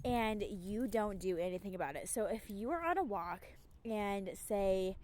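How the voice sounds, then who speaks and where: A young woman dog trainer giving casual, emphatic advice, slipping into quick acted asides. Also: mid-range voice, lively intonation, a little mellow, a little hiss or hum. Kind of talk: casual talking-head advice.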